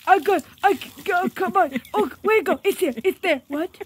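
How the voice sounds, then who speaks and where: Woman doing a squeaky, excited little warrior dog. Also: normal speed. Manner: squeaky, excited, stammering, baby-talk grammar. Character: playful, boastful pet dog battling water. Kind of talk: voicing a pet for a home video.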